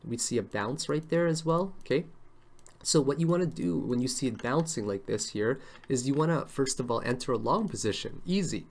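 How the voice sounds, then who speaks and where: A crypto trading analyst gives a casual live-stream lesson on trading charts, constantly checking in with viewers through "right?" and "okay?". His mid-range voice is animated, brisk and creaky, and his manner is chatty.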